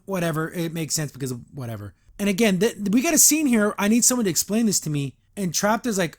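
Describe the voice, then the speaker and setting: A man's voice: sits high, sing-song, fairly quick, few pauses. A man giving a casual reaction review of a cartoon episode, rambling and sarcastic as he recaps it. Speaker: show reviewer.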